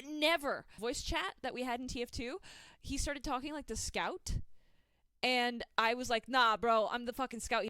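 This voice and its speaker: A woman's voice: on the high side, fairly bright tone, no echo. A young woman in her twenties telling a storytime tale with a sarcastic, incredulous manner. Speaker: storytime YouTuber. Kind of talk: storytime commentary.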